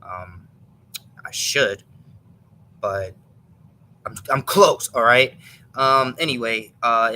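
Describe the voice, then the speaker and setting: Male host, very bright tense timbre, loose rambling storyteller who keeps correcting himself. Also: mid-range voice, a little hiss or hum, rough recording. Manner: rambling, self-correcting, chuckling retelling. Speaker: show host. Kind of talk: casual storytelling.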